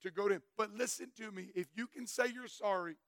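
High-voiced, folksy man preaching a testimony. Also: quick pace, vocal fry, no room sound. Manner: folksy, storytelling, bursts into shouts. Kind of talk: animated testimony sermon.

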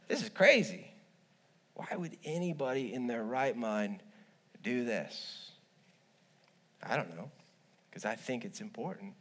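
A male pastor preaching a sermon, telling stories with humorous asides and lively swings between loud and quiet. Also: on the high side. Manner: humorous, animated storytelling with asides.

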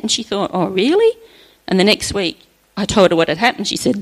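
A middle-aged woman sharing an earnest personal faith testimony at church, chatty and often laughing softly. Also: medium pitch, big pitch swings, fairly quick, poor audio.

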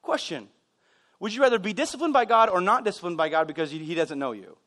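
A pastor delivers a sermon in a high voice. He keeps it conversational and animated, drifting into stories and quick asides to the congregation.

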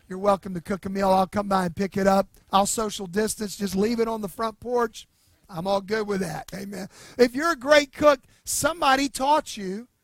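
A male pastor preaching in an earnest, conversational style, dropping in casual asides. His voice sits very high for a man, and the sound is close and dry with little room echo. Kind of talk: sermon. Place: near-empty church building.

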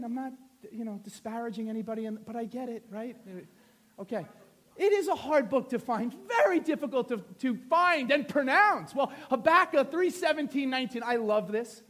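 A man with a very high voice delivers a sermon in a church, reading scripture aloud. He moves from hushed, offhand remarks to loud, fervent prayer. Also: animated, normal speed. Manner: swings from quiet asides to shouted prayer. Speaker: preacher. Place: church hall before a congregation.

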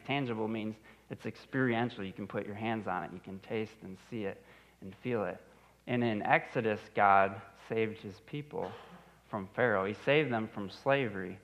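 A man's voice: fairly low pitch, lo-fi sound. A man in his thirties preaching a sermon, earnest and repeating his key phrases for emphasis. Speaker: pastor.

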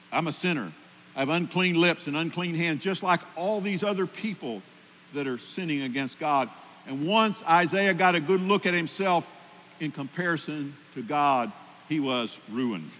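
A man's voice: a little high, slight background noise. Emphatic male pastor in a reverberant hall. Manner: emphatic, rises loudly at key points. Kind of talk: sermon.

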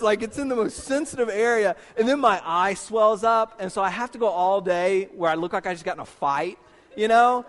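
A man preaches in a high, bright-edged voice, telling his story with lively, acted-out reactions. His words ring with the long reverb of a large hall. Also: fairly quick. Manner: animated storyteller, acts out his own reactions. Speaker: pastor. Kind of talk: sermon with personal anecdote.

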